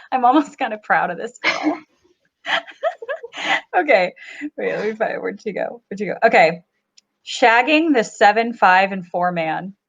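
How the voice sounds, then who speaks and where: A woman's voice: mid-range voice, animated, gravelly. A woman hosting a podcast talks in a chatty, casual way, agreeing readily and sharing her own stories. Her voice comes through a dull, lo-fi recording. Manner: chatty, quick to laugh and agree. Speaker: podcast host. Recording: dull lo-fi audio.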